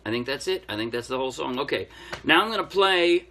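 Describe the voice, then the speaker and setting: A man's voice: medium pitch, expressive, fast, pushed and bright. A man giving a casual ukulele lesson, explaining step by step while he plays. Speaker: ukulele teacher. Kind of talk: casual music tutorial explanation. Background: ukulele playing.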